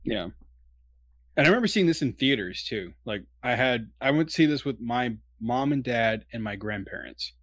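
A man's voice: medium pitch, lively intonation, moderate pace, a bit bright, no room sound. A man in casual chat, recalling the film with fond nostalgia. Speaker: podcast co-host.

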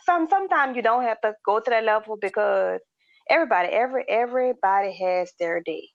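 A woman's voice: fairly high pitch, animated, fairly quick. A woman co-hosting a podcast, telling a story in loose, slangy casual chat and acting out the people in it. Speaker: podcast co-host. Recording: dry, slightly dull recording.

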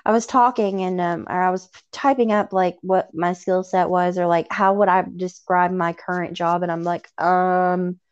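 A woman's voice: on the low side, fairly even intonation, moderate pace, hardly any pauses, clear, resonant tone. A woman in her thirties from Tennessee with a Southern accent, chatting casually as a podcast co-host in a rambling, self-deprecating way with some swearing. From Tennessee, USA. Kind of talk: casual chat. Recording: dull lo-fi sound.

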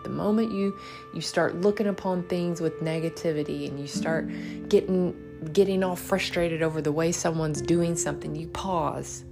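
A woman's voice: fairly low pitch, gravelly. A woman life coach and podcast host giving an earnest, encouraging faith-based motivational talk to her listeners.

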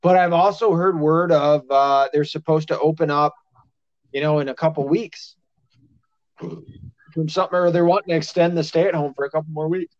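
A man's voice: on the high side, fairly even intonation, moderate pace, dry recording, highs cut off. A man in his thirties hosting a podcast in a casual chat, swearing freely and laughing often. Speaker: podcast host.

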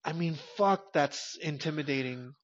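A man's voice: fairly high pitch, moderate pace, slightly rough. A man co-hosting a movie podcast, talking bluntly and emphatically in casual chat, often swearing. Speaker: podcast co-host. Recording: dull lo-fi audio.

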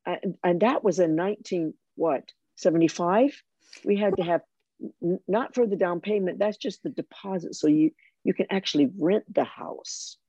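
An older woman telling a personal faith story in conversation, animated and self-mocking, with frequent restarts. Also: lowish voice, normal speed, husky, no room sound, lo-fi sound. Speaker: guest sharing her testimony.

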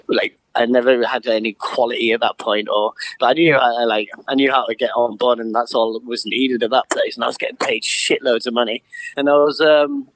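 A man's voice: medium pitch, fairly bright tone, no echo, rough recording. A man, a chef, casually telling rambling, sweary stories to an old friend and laughing along. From Durham, North East England. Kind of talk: casual storytelling chat between old friends.

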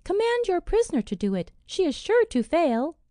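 A woman's voice: very high-pitched, big pitch swings, normal speed, mellow, dry recording, clean studio sound, pitched above the performer's own voice. A woman reading a storybook and voicing a cunning female fairy, sly and coaxing.

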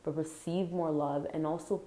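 A woman's voice: low voice, steady tone, moderate pace, mellow, echoey room, slight background noise. A woman host speaking earnestly and heartfelt in a casual spiritual talk, with many fillers. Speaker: podcast host.

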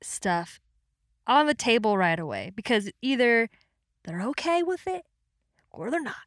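A woman's voice: fairly high pitch, sing-song, a little slow, no room sound, studio quality. A woman in her thirties, a guest on a podcast, chatting casually in a goofy, joking way with lots of laughter. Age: 30s. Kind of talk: casual chat.

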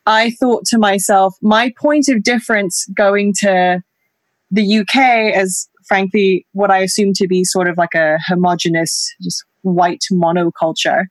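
A woman's voice: mid-range voice, fairly even intonation, measured pace, no echo. A woman from Singapore whose accent shifts between British and American, telling stories in a reflective, casual chat and laughing often. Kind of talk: casual conversation.

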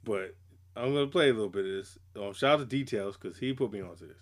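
A man's voice: lowish voice, fast. A man co-hosting a hip hop podcast, chatting casually with loose, profane, laughing banter. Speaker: podcast co-host.

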